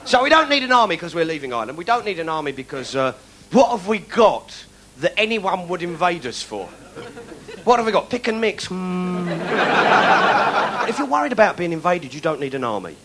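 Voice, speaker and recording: Sardonic british comic with a high voice. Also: male voice, sing-song, fairly quick, crowd noise, background noise. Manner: sardonic, jokey, puts on shouted voices for bits. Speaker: comedian and tour guide. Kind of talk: stand-up comedy with mock guided tour.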